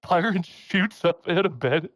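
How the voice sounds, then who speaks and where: A man's voice: high voice, unhurried, no room sound. A man hosting a casual podcast, retelling a story with frequent laughter and quotes acted out in a raised voice. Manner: animated, laughing often, acts out quotes in a raised voice. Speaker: podcast host.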